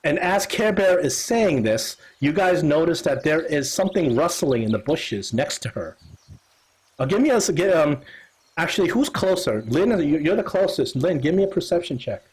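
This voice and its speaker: A man's voice: on the high side, expressive, normal speed, breathy edge, low-quality recording. A man narrating as game master of a tabletop game, rambling with many fillers and restarts.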